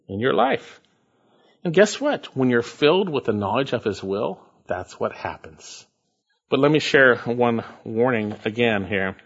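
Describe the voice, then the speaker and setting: A man preaching a sermon, reading scripture quietly and rising to loud, high emphatic bursts. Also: breathy edge, lo-fi sound. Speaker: pastor.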